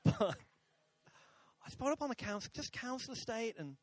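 A man's voice: very high-pitched, big pitch swings, measured pace, no echo. A man preaching a sermon to a congregation in a church, chatty and jokey, talking with the crowd. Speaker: pastor. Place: church auditorium.

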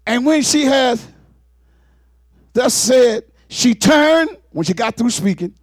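A male preacher delivers a fiery, exclamatory sermon. His high voice leaps and drops widely, shouting and whooping. He takes it slowly, recorded dry and close. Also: animated, no room sound.

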